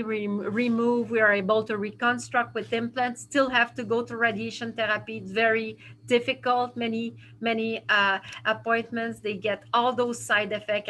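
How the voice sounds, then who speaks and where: A woman with a French accent giving a dental education webinar from her office, speaking haltingly with many fillers and restarts over a video call. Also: on the high side, fairly bright tone, rough recording. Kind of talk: webinar lecture with Q&A.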